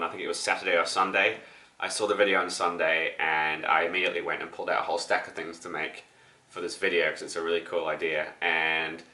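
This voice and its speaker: Young man, slightly sick voice, rambling vlogger, bright tone in an echoey room. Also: sits low. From New Zealand. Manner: rambling, many ums and restarts. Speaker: record-collecting vlogger. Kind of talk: casual vlog to camera. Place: apartment.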